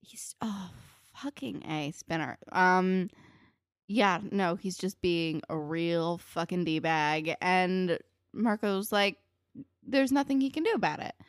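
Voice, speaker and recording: A woman's voice: lowish voice, slow, clean tone, no room sound, studio quality. A young woman in casual chat who vents about a TV character, full of fillers and emphatic swearing. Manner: filler-heavy, profane, emphatic venting. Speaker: podcast co-host.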